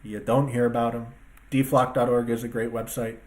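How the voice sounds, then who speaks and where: A man's voice: mid-range voice, level tone, brisk, darkish tone. Profane, rambling male commentator. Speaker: online political commentator. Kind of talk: casual solo rant to viewers. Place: at a computer with two screens.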